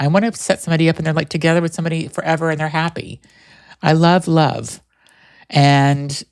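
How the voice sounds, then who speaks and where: A man's voice: on the high side, smooth, no room sound. A man hosting a podcast in a casual, rambling and playful way. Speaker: podcast host.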